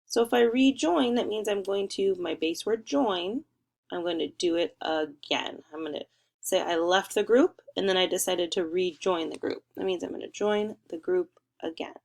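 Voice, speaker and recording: A woman's voice: lowish voice, creaky, darkish tone. Encouraging woman teaching first graders. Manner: encouraging, sing-song teacher talk with slow drawn-out words. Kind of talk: remote spelling lesson for young children.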